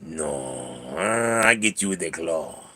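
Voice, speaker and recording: A man voicing a smug, sly male house cat with a mock French accent, murmuring low and teasing threats. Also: animated, slow, sharp tone, slightly rough, exaggerated voice. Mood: sly warning.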